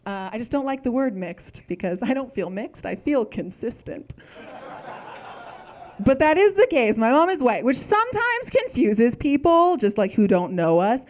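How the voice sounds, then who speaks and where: A woman's voice: on the high side, big pitch swings, normal speed. A woman doing a stand-up comedy set in a self-deprecating, anxious, overthinking manner.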